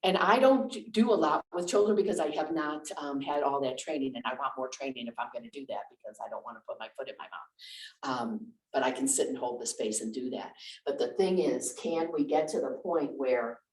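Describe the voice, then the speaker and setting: A woman's voice: extremely low pitch, brisk, a little mellow. A woman minister giving a conversational lecture full of personal stories, candid and chatty with lots of restarts and asides. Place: church lecture room. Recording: echoey room, distant mic.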